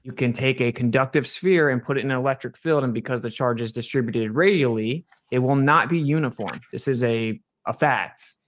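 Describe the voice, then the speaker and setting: A man's voice: medium pitch, a little fast, hardly any pauses. Man arguing a debate point. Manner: confident, explains step by step, checks with "right?". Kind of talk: debate argument.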